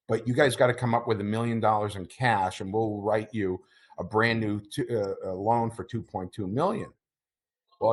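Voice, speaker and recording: A middle-aged man telling a personal story as an interview guest, halting and repeating words, his voice choking up with emotion. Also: fairly low pitch.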